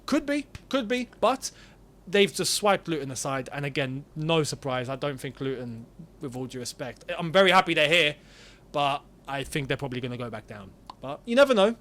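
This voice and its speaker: A man co-hosting a casual football chat, giving measured, thoughtful opinions. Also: medium pitch, animated, fairly bright tone. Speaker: football podcast co-host.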